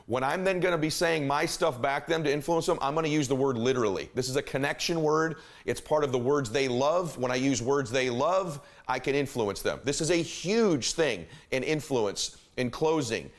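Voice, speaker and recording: Emphatic male motivational speaker. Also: medium pitch. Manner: emphatic, repeats key phrases, shifts pace and volume to demonstrate. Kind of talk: motivational talk.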